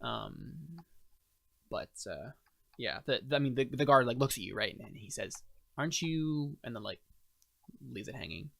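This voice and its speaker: A man runs a tabletop game in a relaxed, halting way, full of fillers. His voice sits mid-range, close and dry. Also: mid-range voice, gravelly, no echo. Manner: casual, hesitant with many fillers. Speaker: game master.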